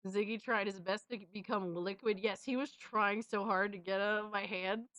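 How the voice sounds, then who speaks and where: A woman's voice: mid-range voice, steady tone, normal speed, a bit bright, no room sound. Chatty young woman streamer, dry sound. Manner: chatty, swears casually, coos at her cat. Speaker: live-stream host. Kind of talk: casual live-stream chat.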